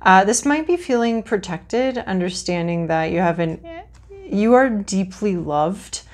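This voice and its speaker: A woman's voice: mid-range voice, animated, a little slow, a little mellow. A woman reading tarot cards to camera in a casual, frank, chatty way, thinking aloud as she draws. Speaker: tarot reader.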